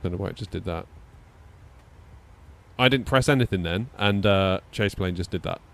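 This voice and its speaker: A man's voice: deep voice, normal speed, gravelly. A man chatting casually on a live stream, rambling with many fillers and little laughs. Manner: rambling, hesitant, lots of fillers and self-deprecating laughs. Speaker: flight sim streamer.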